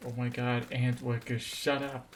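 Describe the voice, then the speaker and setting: A man's voice: mid-range voice, flat delivery, unhurried, a little hiss or hum. A man streaming a game playthrough, muttering casual asides and reading the on-screen text aloud. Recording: game music behind.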